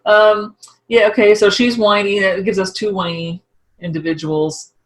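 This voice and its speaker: A middle-aged woman co-hosting a podcast, talking through a TV episode in a chatty, rambling way with quick asides. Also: mid-range voice, flat delivery, rough recording. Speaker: podcast co-host. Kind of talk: casual discussion of a TV episode.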